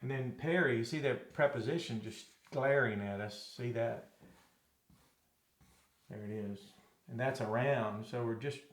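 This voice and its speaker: Bible teacher, a man from Arkansas, walks a class through Greek grammar in a roomy, echoing space. His voice sits at an ordinary middle pitch. He rambles, corrects himself and drops folksy asides. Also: a little slow, long pauses. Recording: echoey room.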